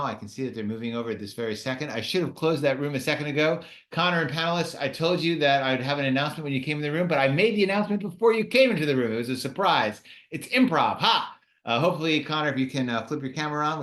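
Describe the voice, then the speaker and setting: A man's voice: a little high, quick pace, fairly bright tone, reverberant. A man hosting an online conference panel, chatty and joking as he brings people in. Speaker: conference host. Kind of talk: casual video-call introduction. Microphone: video call.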